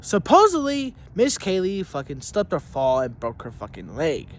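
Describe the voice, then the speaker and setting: A vlogger telling a story as an angry rant, swearing constantly and shouting at times. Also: mid-range voice, wildly swooping pitch, moderate pace.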